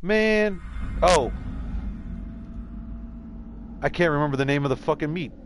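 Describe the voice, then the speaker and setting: A man's voice: fairly high pitch, expressive, fairly quick, a little hiss or hum. A man from San Antonio, streaming a game and telling rambling, profane stories in casual chat. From San Antonio, Texas. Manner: rambling storyteller, swears a lot.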